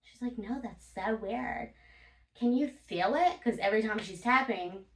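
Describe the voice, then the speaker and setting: A woman's voice: fairly high pitch, normal speed. A woman vlogger telling casual stories, blunt and profane, laughing often as she talks. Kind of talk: casual storytime monologue. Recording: roomy, from a distance.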